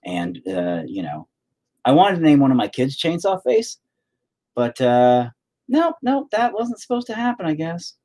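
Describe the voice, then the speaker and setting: A man's voice: on the high side, big pitch swings, measured pace, warm tone. A middle-aged man chatting casually on his vlog, rambling, swearing and sarcastic. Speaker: vlogger, band vocalist.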